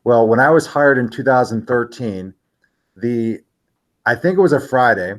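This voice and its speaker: A man's voice: medium pitch, animated, normal speed. A man who hosts a school podcast, chatting casually and telling a story about a guest. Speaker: podcast host, school principal.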